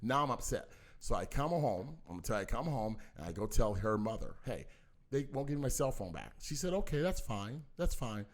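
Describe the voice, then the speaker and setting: A man telling a personal story in casual talk, talking forcefully and acting out both sides of an argument. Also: mid-range voice, brisk. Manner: animated, acts out both sides of a dispute; talks forcefully.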